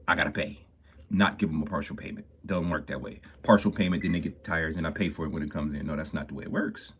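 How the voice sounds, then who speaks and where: Husky low-voiced man on a live stream. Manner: talkative and upbeat, greets viewers often. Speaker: jeweler hosting a live stream. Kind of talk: casual live-stream chat.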